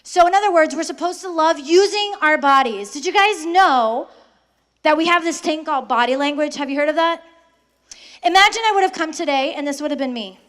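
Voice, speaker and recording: High-voiced woman giving a lively faith talk. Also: brisk. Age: young adult. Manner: lively, acts out quoted voices, asks the audience questions. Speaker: guest speaker to high school students.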